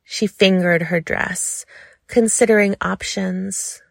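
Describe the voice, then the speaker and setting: A woman narrating a sensual audiobook story in a slow, measured, soft manner. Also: medium pitch, steady tone, vocal fry, no room sound, studio quality.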